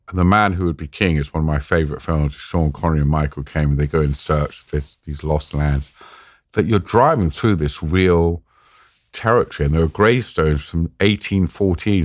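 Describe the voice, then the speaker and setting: A man's voice: deep voice, no echo, studio quality. A middle-aged British man telling war stories in an interview, self-mocking and acting out the voices he quotes. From Britain. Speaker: war journalist guest. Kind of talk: animated storytelling in an interview. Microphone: podcast mic.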